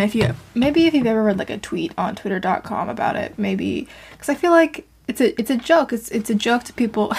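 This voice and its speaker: A young woman chatting casually into a home mic, rambling and self-deprecating, with lots of fillers and laughs. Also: on the high side. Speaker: podcast host reviewing fan fiction. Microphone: home mic she adjusts herself.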